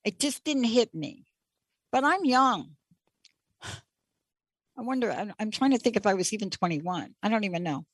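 A woman's voice: mid-range voice, expressive, measured pace, long pauses, husky, dry recording. A middle-aged woman hosting a show, telling a personal story in a reflective, emphatic way and repeating key words for weight. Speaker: show host.

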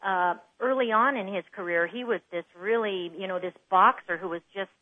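A woman's voice: mid-range voice, moderate pace. A woman voice coach explaining how to speak well as a guest in an interview, with fillers and restarts. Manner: warm explanatory, demonstrates voices. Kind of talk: interview over the phone. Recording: tinny phone line.

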